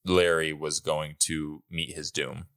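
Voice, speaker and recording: A man's voice: a bass voice, flat delivery, slow, fairly bright tone, smooth. A man co-hosting a podcast in casual chat, rambling with many fillers and frequent laughter. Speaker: podcast co-host.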